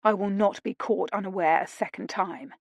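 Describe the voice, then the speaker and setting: Woman reading a bitter, cold gentleman. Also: medium pitch, moderate pace, no echo, natural voice. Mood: cold anger. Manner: cold, clipped. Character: bitter, grieving young gentleman.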